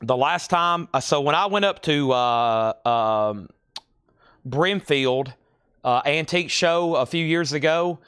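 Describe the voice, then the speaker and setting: A man with a rural American country accent, hosting a live-stream record sale and calling out titles and prices in brisk patter with dry, joking asides. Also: a little high, a bit bright, clean tone, no room sound. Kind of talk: live auction sales patter.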